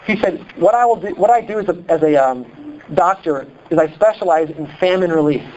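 A pastor from Iowa with a Midwestern accent, preaching a sermon in an animated, conversational way full of rhetorical questions. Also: male voice, on the high side, a little fast, muffled recording. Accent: Midwestern American.

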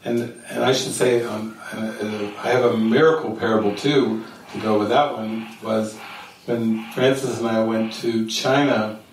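An older man giving a spiritual retreat talk, telling stories and lively quoting others. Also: fairly low pitch, unhurried, slight background noise. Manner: storytelling, animated quoting. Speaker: spiritual teacher. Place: retreat center hall. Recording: echoey room, mic far off.

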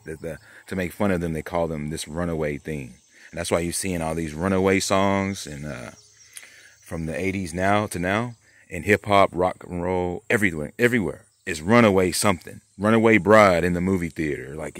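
A man's voice: low voice, no echo. A man vlogging to his viewers in a rambling, profane, conspiratorial monologue while he works on a painting. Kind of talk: rambling casual monologue to camera.

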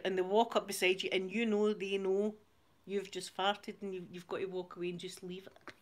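A woman's voice: mid-range voice, level tone, brisk. A middle-aged woman from Glasgow with a Glaswegian accent, chatting casually on a live stream, reading out viewer comments and laughing often between lines. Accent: Glaswegian Scottish. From Glasgow, Scotland.

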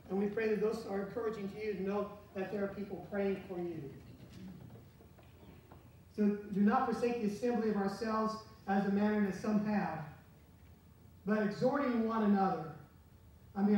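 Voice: medium pitch, normal speed, pauses often, darkish tone. A pastor giving a conversational sermon, asking the congregation questions as he goes. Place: church sanctuary. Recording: very echoey church from far off, faint hiss.

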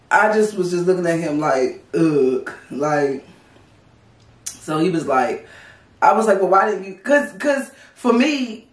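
A woman in her thirties with a DC-area accent, telling a casual storytime in a blunt, profane, animated way and acting out the dialogue. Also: medium pitch. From Washington DC area. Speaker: vlogger. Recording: roomy, mic at a distance.

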